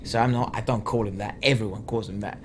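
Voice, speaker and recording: A man's voice: fairly low pitch, fairly even intonation, fast, slight background noise. A young man whose first language is Spanish, telling a long story in a casual chat and rambling along with lots of "like" fillers. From Latin America. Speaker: reaction video co-host.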